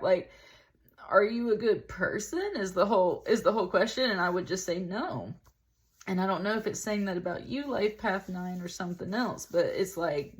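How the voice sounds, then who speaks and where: A woman giving a casual tarot reading, rambling and talking loosely with lots of "like" and the odd laugh. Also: medium pitch. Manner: rambling, heavy use of "like", with laughs. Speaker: tarot reader.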